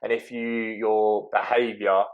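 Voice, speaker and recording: A young man, talking casually as a podcast guest, halting with many fillers and restarts. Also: lowish voice, flat delivery, highs cut off. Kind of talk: casual interview talk.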